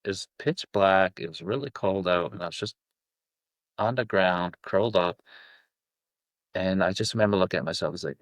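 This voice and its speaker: A man, a guest coach, telling a deeply personal story, halting and full of restarts and fillers. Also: dry recording. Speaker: self-love coach, guest.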